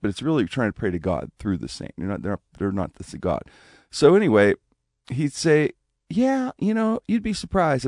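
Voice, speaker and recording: A man casually telling a personal story, animated, acting out the voices of people he quotes. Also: dry recording, studio quality. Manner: animated, acts out quoted speech with big pitch jumps.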